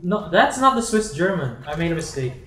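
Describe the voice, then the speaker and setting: A man playing a video game with a friend, calm and reassuring, with dry teasing. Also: a little high, a little fast. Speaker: gamer co-host. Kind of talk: casual let's-play chat. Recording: roomy echo, off-mic, faint noise.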